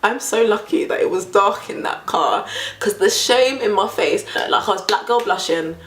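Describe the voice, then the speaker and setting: A young British woman in her twenties telling a storytime vlog in a chatty, animated way, full of filler words. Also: mid-range voice, moderate pace. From Britain. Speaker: vlogger. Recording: echoey room.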